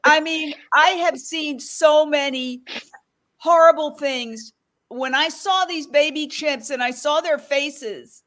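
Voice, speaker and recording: A woman's voice: high voice, takes it slowly, a bit bright. A middle-aged woman hosting a live fundraising stream, effusive and openly emotional as she thanks donors. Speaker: host.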